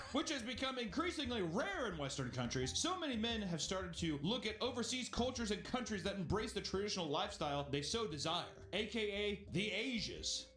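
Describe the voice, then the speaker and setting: Male streamer, casual crude banter, bouncy high-ish voice, echoey room. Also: moderate pace. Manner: animated, joking, crude, laughs often. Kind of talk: casual chat.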